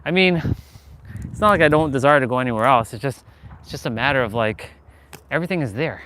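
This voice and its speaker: A man live-streaming from an outdoor park, musing in a rambling, unhurried way while he swings. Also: mid-range voice, animated, pushed and bright. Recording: noisy outdoor recording.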